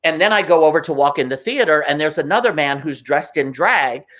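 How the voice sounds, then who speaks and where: A man as a guest on a talk show, telling stories in an animated, emotional way and acting out the voices of the people in them. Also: fairly high pitch, fairly quick. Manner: excitable, emotional, acts out voices in anecdotes. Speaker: guest performer. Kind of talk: animated interview storytelling.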